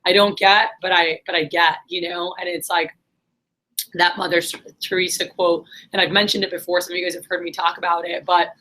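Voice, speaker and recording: A woman's voice: on the low side, little pitch movement, fairly quick, sharp tone, rough recording. A middle-aged woman talking casually and earnestly to her viewers, rambling with many fillers and pep-talk asides. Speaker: vlogger, business manager.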